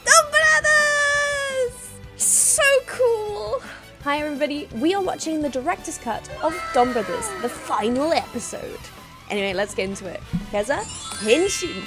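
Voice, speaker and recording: Excitable woman, high lively voice. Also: brisk, over music. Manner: excitable, gasping, laughing and swearing. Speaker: host reacting to a TV show. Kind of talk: casual reaction commentary.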